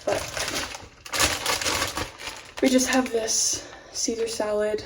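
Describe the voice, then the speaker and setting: A young woman chats loosely through a home vlog, her voice set a little high and full of "like" fillers. She sounds a few steps back from the camera, and a small fridge hums faintly behind her. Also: little pitch movement, slow pace, recorded from a distance, background noise. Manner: chatty, rambling, many "like" fillers. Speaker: vlogger. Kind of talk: casual home vlog chat. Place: at home, in a room with a mini fridge. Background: humming mini fridge.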